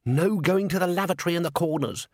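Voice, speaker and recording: A man's voice: fairly high pitch, no echo, studio quality, pitched above the performer's own voice. A man voicing a stern, bossy old woman witch in an audiobook, curt and commanding. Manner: curt, commanding, slow and firm.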